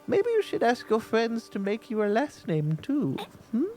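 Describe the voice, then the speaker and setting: A cranky, foul-mouthed old grandma. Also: male voice, very high voice, wildly swooping pitch, moderate pace, a little mellow, faint music behind, pitched above the performer's own voice, full character voice. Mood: bossy. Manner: scolding, bossy, swears.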